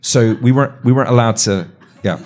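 Animated storytelling man, lively quotes. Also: mid-range voice, fairly quick. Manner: animated anecdote with voiced quotes and restarts. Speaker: guest, meteorite hunter. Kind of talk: live storytelling on a talk show. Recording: live audience event.

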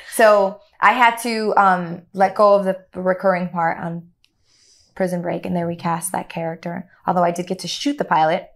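A middle-aged actress in an interview, telling a story with lively acted-out dialogue and frequent laughter. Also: female voice, on the low side, unhurried, creaky. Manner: animated, acts out quoted dialogue, laughs often. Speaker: actor guest.

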